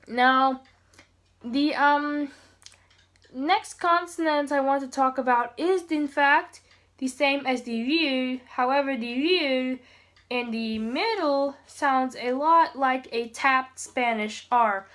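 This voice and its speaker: A woman giving a casual homemade language lesson, pausing often and slowly repeating sounds for practice. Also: high voice, fairly bright tone. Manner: halting, many restarts and fillers. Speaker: language teacher.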